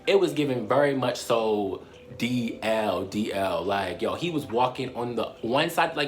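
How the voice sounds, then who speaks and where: A young man from Baltimore with a Baltimore accent, telling a personal story to camera in a lively, profane way and addressing viewers as "y'all". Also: mid-range voice, unhurried. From Baltimore, USA. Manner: animated, swears a lot, laughs often, addresses viewers as "y'all". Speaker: storytime vlogger.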